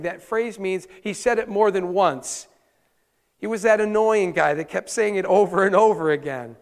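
A man's voice: high-pitched, gravelly. A male pastor delivering a conversational sermon, repeating key points for emphasis. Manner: conversational preaching with emphatic repetition. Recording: reverberant hall.

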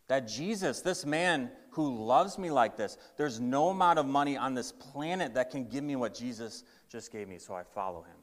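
A male pastor preaching with emphatic, storytelling delivery, his pitch sitting in an ordinary middle range. His words carry a long reverb from a large hall. He slows down for emphasis, then hurries through the asides. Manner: emphatic storytelling, varying pace. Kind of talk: sermon.

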